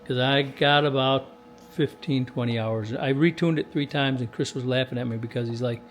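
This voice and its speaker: A man's voice: mid-range voice, steady tone, moderate pace, a little hiss or hum. Folksy man testing a radio. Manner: folksy, talks to camera while testing a radio. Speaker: CB radio technician. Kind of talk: casual workshop commentary.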